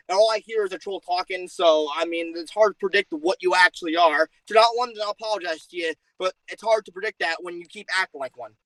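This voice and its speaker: High-voiced young guy yelling in voice chat, talks super fast, keeps swearing and repeating himself. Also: no room sound, poor audio. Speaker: player in voice chat. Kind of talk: heated voice chat argument.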